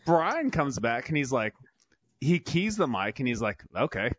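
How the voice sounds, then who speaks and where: A man's voice: medium pitch, big pitch swings, measured pace, fairly bright tone. A man and former front-seat pilot telling a cockpit story in a casual group interview, laid-back and swearing, with lots of fillers. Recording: dry, dull lo-fi audio.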